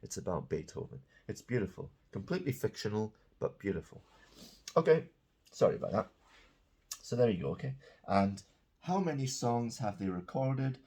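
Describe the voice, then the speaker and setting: A man's voice: fairly low pitch, very animated, normal speed, a little mellow, breathy edge. A man teaching English grammar, patiently explaining example sentences and checking in with "okay?". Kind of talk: grammar lesson.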